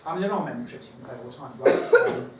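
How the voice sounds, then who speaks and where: A man's voice: on the high side, expressive, rapid-fire. A man leading a teacher training session, talking conversationally and thinking aloud with fillers. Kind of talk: workshop talk to teachers. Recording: echoey room, far from the mic, background noise.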